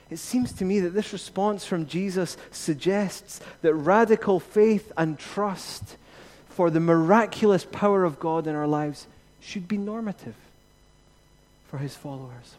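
A man preaching a sermon as pastor, rising to emphatic peaks and then dropping to quiet reassurance. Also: sits high, a little slow.

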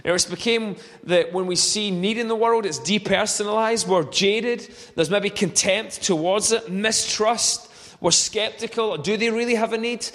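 Male pastor, high voice, earnest storyteller who restarts phrases, church hall with long reverb. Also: moderate pace, a bit bright. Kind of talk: sermon.

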